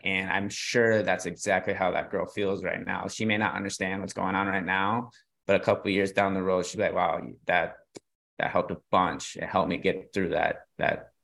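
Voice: low voice, vocal fry, a bit bright. A podcast co-host speaking thoughtfully and encouragingly, repeating words as they go. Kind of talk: casual faith podcast chat.

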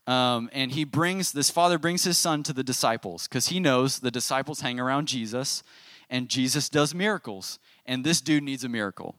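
A man's voice: medium pitch, a bit bright, dry recording. Young male youth pastor, casual sermon, chatty asides, dry close sound.

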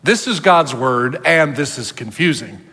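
A man preaching as a pastor, animated and acting out the voices he quotes. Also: mid-range voice, a little slow, husky, long reverb tail. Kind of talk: sermon.

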